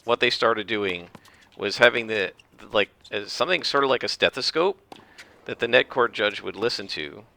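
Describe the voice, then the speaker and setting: Bright-voiced man explaining tennis gameplay. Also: lowish voice, moderate pace. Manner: explains rules at length, rambling with restarts and throat clearing. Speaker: gameplay commentator. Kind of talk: casual let's-play commentary.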